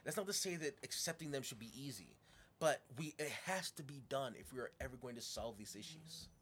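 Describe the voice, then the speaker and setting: A man's voice: mid-range voice, animated, brisk, a bit bright, slight background noise. A man co-hosting a podcast, talking casually through prepared notes with a sarcastic edge and frequent swearing. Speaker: podcast co-host.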